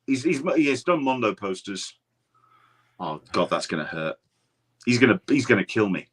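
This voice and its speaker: A man's voice: on the low side, big pitch swings, moderate pace, fairly bright tone. An English man, a guest podcaster, telling stories in casual chat, rambling with frequent restarts. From England. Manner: rambling anecdotal storyteller, many restarts.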